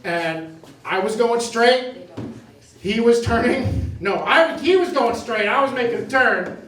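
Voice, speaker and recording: A man from Maine with a very high, fairly bright voice and lively intonation delivers a stand-up set on a club stage at a measured pace, rambling and poking fun at himself. Slight background noise, echoey distant recording, and laughter from the audience.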